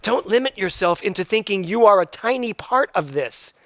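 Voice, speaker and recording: A man's voice: sits high, expressive, normal speed, a bit bright, no echo. A middle-aged man preaching a conversational, emphatic sermon as minister, repeating key phrases for effect.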